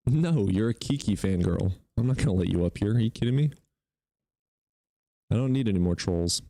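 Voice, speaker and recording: A man's voice: fairly low pitch, animated, a little fast, warm tone, dry recording, clean studio sound. A young man hosting a livestream debate, mocking chat and callers with swearing and bursts of laughter. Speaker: streamer hosting call-in debates.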